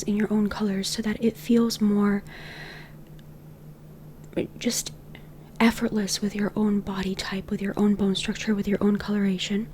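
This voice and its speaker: A woman talking to camera about personal style in a gentle, whispered, heart-to-heart way. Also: mid-range voice, slight background noise. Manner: whispers much of the time. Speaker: style consultant and YouTuber. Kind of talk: soft-spoken talk to camera.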